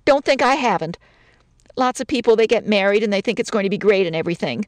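A touchy young newlywed bride, read by a woman, with a lively, swooping voice. She rattles off quick, sarcastic complaints. The recording is close and dry. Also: mid-range voice, no room sound, close to an everyday voice. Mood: aggrieved. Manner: wounded, sarcastic, rapid rambling complaints. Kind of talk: dramatic story reading.

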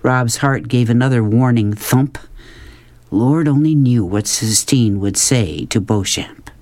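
Slow, calm male audiobook narrator. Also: medium pitch, dry recording. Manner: calm, measured storytelling. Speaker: audiobook reader.

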